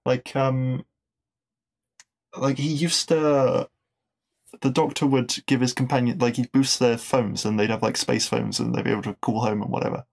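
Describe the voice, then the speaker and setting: A man hosts a casual podcast, talking at a middling pitch with a gravelly, creaky edge to his voice. He rambles along with plenty of fillers and restarts. He chuckles at his own jokes as he goes. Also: little pitch movement, moderate pace. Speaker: podcast host. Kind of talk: casual episode review.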